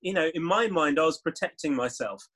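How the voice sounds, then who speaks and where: A man, a guest author telling stories in an interview, animated and laughing often. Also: a little high, fairly quick, husky. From Leeds, England. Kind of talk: interview conversation.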